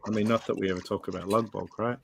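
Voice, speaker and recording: A man chatting in a relaxed, bantering way with friends on a livestream. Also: fairly low pitch, quick pace, vocal fry, heavy background noise. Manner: easygoing, bantering. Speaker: livestream guest. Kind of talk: casual chat among friends.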